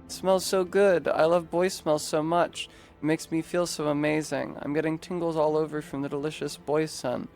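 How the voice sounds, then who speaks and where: A man reading aloud as a giddy, boy-crazy young woman swooning over a scent, in a slow, breathy way. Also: fairly high pitch, flat delivery, a little mellow, soft background music, lightly acted. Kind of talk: dramatic reading of a chat post.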